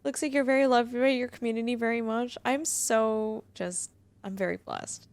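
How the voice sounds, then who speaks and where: A woman's voice: fairly high pitch, steady tone, normal speed, a little mellow, smooth, no echo. Emotional young woman streamer, laughing. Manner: emotional, gushing, laughs a lot, near tears. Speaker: livestreamer. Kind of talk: casual livestream chat reading to viewers.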